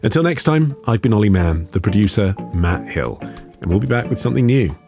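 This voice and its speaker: A British man hosts the podcast, asking brief, reactive questions and wrapping up the show. His voice is very deep, with soft music faintly under it. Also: very animated, brisk, vocal fry. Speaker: podcast host. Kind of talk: interview and show outro.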